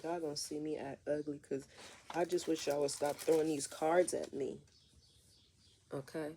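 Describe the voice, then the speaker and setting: A woman's voice: low voice, fairly even intonation, moderate pace, pauses often, dark tone, a little hiss or hum. A woman doing a casual tarot reading who rambles and talks straight to her viewers. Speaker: tarot reader.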